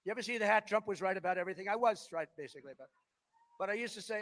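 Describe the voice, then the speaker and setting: A rapid, high-pitched older man in his seventies working a rally crowd with a boastful, rambling speech. He jumps between booming claims and quiet, muttered asides, barely pausing for breath. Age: 70s. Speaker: politician at a rally.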